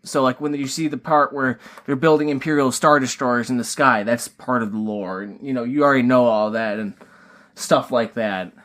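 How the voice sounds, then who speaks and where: A man talking loosely on a podcast, circling his points with lots of filler words and casual cursing. His pitch sits in an ordinary middle range for a man. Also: fairly even intonation, normal speed, fairly bright tone. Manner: rambling, heavy on fillers, casual swearing; mock voices when quoting characters. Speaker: podcast co-host. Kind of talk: casual film review chat.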